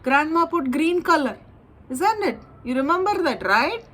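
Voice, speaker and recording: A woman telling a children's story, animated and often asking her listeners questions. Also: sits high, measured pace, slight background noise, rough recording.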